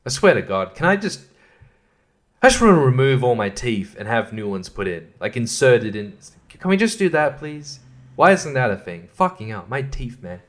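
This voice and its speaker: A man's voice: mid-range voice, very animated, normal speed. An Australian man in his thirties ranting profanely and exasperatedly as a solo podcast host, laughing at his own complaints. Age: 30s.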